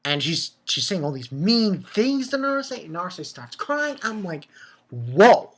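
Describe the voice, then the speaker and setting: Male anime reviewer, casual recap, excitable, profane, stumbles and repeats words. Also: high-pitched, moderate pace.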